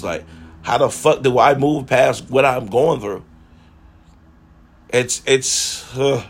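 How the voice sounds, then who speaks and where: A man's voice: medium pitch, vocal fry, breathy edge. A man talking candidly in a rambling, profane personal monologue.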